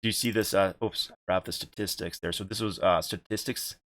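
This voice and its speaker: A man's voice: low voice, steady tone, a little fast, fairly bright tone, no room sound. A man hosting a casual gaming podcast, rambling and repeating himself, with casual swearing. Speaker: podcast host and streamer.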